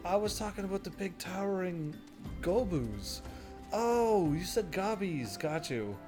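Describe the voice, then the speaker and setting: A man's voice: high-pitched, lively intonation, unhurried, music in the background. A young man casually commentating as he plays a game, joking and laughing to himself. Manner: jokey, laughs often, talks to himself. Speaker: gaming streamer. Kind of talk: casual let's-play commentary.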